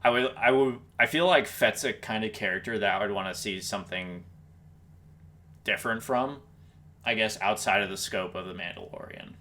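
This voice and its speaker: A man co-hosting a live-stream podcast, chatting casually and reading viewer comments, relaxed and quick to laugh. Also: lowish voice, slight background noise. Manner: relaxed, laughs often, trailing restarts.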